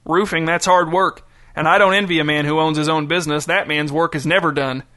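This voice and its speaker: A man's voice: a little high, steady tone, brisk, sharp tone. A man putting on a ranting crazy old farmer. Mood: gruff. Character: unhinged old male farmer, shouting and righteous. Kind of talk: audiobook character voice.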